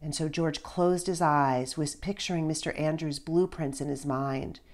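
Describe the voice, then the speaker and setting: Low-voiced woman reading aloud to kids. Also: steady tone, moderate pace. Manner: warm storytelling, casual asides to kids. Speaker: children's author. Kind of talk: children's book read-aloud.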